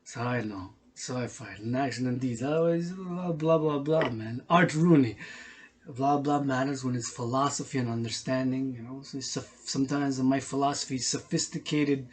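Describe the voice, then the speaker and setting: At a moderate pace and in a mid-range voice, a workout video host rambles emotionally to the camera in a vlog. He keeps repeating himself, swears without restraint and leans on casual street slang.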